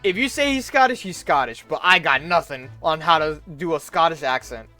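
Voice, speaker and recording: Excitable man streaming a game. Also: a little high, brisk, soft background music. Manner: excitable, exasperated reactions. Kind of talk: casual gameplay commentary.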